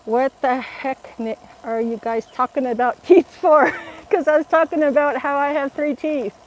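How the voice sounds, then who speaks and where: A woman's voice: high voice, fairly even intonation, normal speed, a little hiss or hum, rough recording. A middle-aged woman from Alaska with an Alaskan accent, chatting casually with viewers while she exercises outdoors and laughing often. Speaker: fitness vlogger. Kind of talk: casual live-stream chat while exercising.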